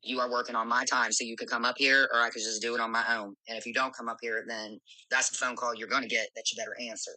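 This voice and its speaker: A brash woman runs a live stream, moderating and scolding callers with a foul mouth. Her voice is intensely bright and forceful, with a dry, close sound and no room around it. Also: extremely low pitch, steady tone, quick pace, few pauses, no echo, rough recording. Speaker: livestream host.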